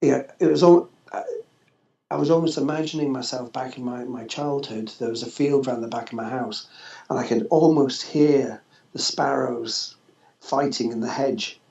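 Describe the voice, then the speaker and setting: Guy with a gravelly voice telling his story in an interview, lots of stops and restarts, echoey, kinda dull sound. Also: mid-range voice, steady tone, darkish tone. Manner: halting, with frequent restarts and fillers. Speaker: interview guest, former social worker. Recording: echoey, slightly dull podcast audio.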